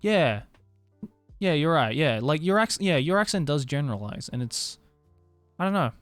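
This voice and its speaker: A man's voice: on the high side, very animated, normal speed, fairly bright tone, no room sound, faint music behind. A man from Australia with an Australian accent, chatting casually with stream viewers, tired, rambling and swearing casually. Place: Tokyo.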